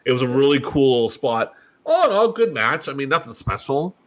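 A man co-hosting a casual chat show, blunt and profane, who swings between mumbled asides and loud outbursts. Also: medium pitch, big pitch swings, a little fast. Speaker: podcast co-host.

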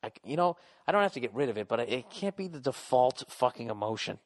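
A man's voice: medium pitch, lively intonation, fast talker. A middle-aged man hosting a podcast, reading listener letters aloud and answering them in a blunt, profane, rambling way. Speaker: podcast host.

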